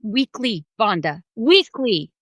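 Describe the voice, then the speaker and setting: Bright, animated middle-aged woman. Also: on the high side, slow pace, dry recording, rough recording. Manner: animated storyteller, laughs often, acts out quotes. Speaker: podcast co-host. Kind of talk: casual chat.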